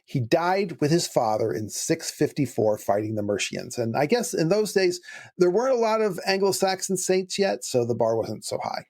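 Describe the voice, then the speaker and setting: A man's voice: a little high, big pitch swings, normal speed, darkish tone. A man hosting a casual book podcast, chatty and prone to wry, over-explaining asides. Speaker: podcast host.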